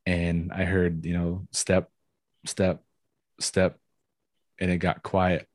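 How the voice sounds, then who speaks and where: Deep-voiced man telling a rambling story. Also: monotone, slow, darkish tone, dry recording. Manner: rambling, full of "you know" fillers, laughs now and then. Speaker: guest telling a personal story. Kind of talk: casual first-person storytelling.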